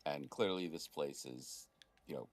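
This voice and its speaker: A man's voice: extremely low pitch, unhurried, vocal fry. A man narrating a tabletop role-playing game as game master, in a loose, rambling way with frequent fillers.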